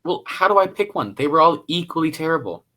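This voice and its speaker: Fairly high, bright voice, a man playing a frazzled, pleading casting director, video call. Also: big pitch swings, fairly quick. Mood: exasperated. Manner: polite, then pleading and exasperated. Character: anxious, desperate male casting director.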